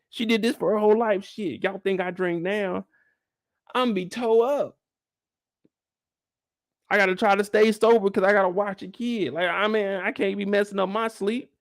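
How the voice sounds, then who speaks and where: A young host with a voice that sits high leads a live after-show discussion. He wanders through loose, profane story riffs. The recording is dry and clean, studio-like.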